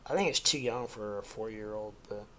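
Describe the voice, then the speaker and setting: A man's voice: fairly low pitch, brisk, fairly bright tone, slight background noise. A man in his forties from the Midwest, rambling casually at home as host of a livestream and answering chat. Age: 40s.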